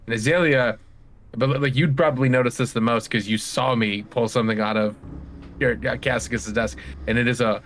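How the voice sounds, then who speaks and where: A man's voice: mid-range voice, steady tone, fairly quick, a bit bright. A man playing a tabletop game, chatty and joking, loose with filler words. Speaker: player. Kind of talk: casual tabletop play.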